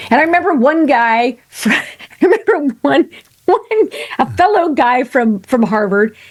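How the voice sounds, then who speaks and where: An animated woman telling stories as a podcast guest. Her voice sits fairly high and swings widely in pitch, and she fills her talk with quick jokes and asides. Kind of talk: lively conversational interview.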